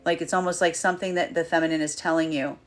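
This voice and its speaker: A woman giving a casual tarot reading, talking in a chatty, animated way with many fillers. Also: low voice, fast, faint music behind. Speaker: tarot reader. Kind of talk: casual spiritual reading monologue.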